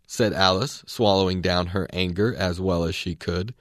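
A man reading a classic storybook aloud in a measured, expressive way. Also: sits low, no room sound, studio quality. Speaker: reader.

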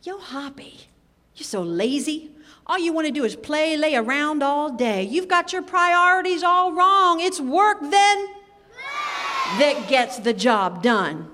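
A woman's voice: a little high, expressive, measured pace, fairly bright tone. A woman storyteller voicing a bossy, hardworking little girl ant who scolds in a sing-song way, recorded live in a reverberant hall. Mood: scolding.

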